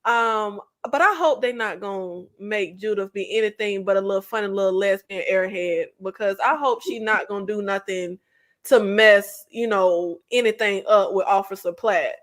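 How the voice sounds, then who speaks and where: A woman's voice: medium pitch, normal speed. A woman guest on a live video-call panel, emphatic and slangy, laughing as she talks. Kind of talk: live recap chat.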